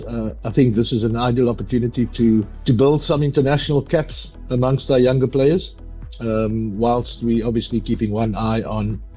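A man, a cricket coach, answers an interview question in a halting, searching way. His voice is mellow and darkish. The clip sounds dull and slightly lo-fi, with faint music under it. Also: medium pitch, husky. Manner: halting, with many ums and restarts.

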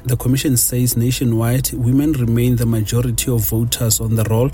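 A man filing a radio news report in a formal, steady voice. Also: medium pitch, fairly quick, slight background noise.

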